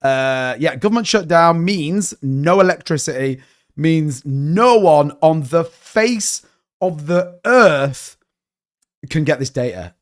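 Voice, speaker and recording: A man hosting a casual crypto livestream, ranting in an animated, exasperated way with swearing. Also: on the high side, takes it slowly.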